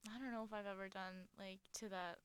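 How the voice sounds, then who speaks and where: A young woman co-hosting a college radio show, telling stories in an animated way and laughing often. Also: mid-range voice, brisk, clean tone, no room sound. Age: young adult. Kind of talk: casual chat. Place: studio.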